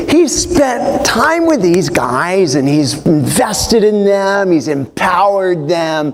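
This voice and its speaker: Animated male pastor preaching. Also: fairly high pitch, vocal fry. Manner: animated storytelling with quoted voices. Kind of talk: sermon. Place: church.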